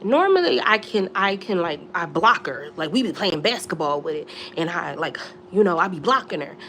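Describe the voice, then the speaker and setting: Chatty woman with a gravelly, lively voice. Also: on the low side, normal speed, slight background noise. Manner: slangy, chatty, animated with many asides. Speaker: storytime vlogger. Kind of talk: casual storytelling on a live stream.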